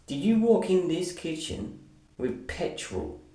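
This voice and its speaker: A man putting on the voice of an angry woman in charge of a school canteen, shrill and accusing. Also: little pitch movement, normal speed, warm tone, roomy sound, slight background noise, natural voice.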